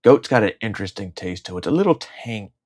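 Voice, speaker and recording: A man's voice: lowish voice, big pitch swings, quick pace, a little mellow, slightly rough. A middle-aged man from the United States in a rambling, sardonic monologue, swearing freely and repeating his own lines. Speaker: vlogger. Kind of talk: casual ranting monologue.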